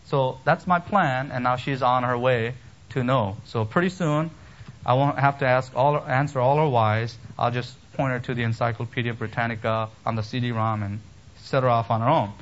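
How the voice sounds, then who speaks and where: A middle-aged man preaching a sermon, earnest and steady, rising to emphatic peaks with touches of gentle humor. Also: medium pitch, moderate pace, highs cut off. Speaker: pastor.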